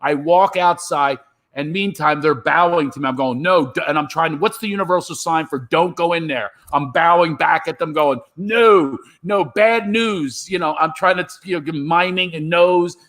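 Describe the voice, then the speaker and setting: A man's voice: fairly high pitch, normal speed, fairly bright tone. A middle-aged man, a stand-up comedian, telling stories on a live stream and acting out his own reactions.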